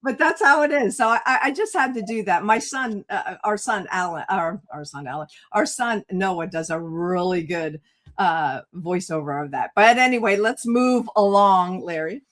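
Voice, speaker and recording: A woman's voice: medium pitch, expressive, normal speed, a bit bright. A woman hosting an interview in a chatty, upbeat way, with lots of "um" fillers. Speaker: host. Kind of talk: casual interview chat.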